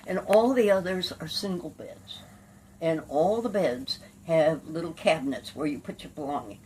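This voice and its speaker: Older lady with a low voice telling her life story, animated and cussing, bit of faint hiss behind. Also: moderate pace, recorded from a distance, poor audio. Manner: lively raconteur, laughs and curses while acting out scenes. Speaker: lawyer and activist. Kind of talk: oral history storytelling.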